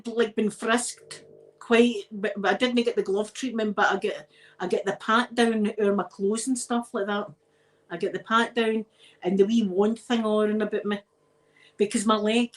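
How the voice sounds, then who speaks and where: A Scottish woman, host of her own channel, telling personal stories in a chatty, animated way and laughing often. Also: mid-range voice, low-quality recording. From Scotland. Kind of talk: casual storytelling chat.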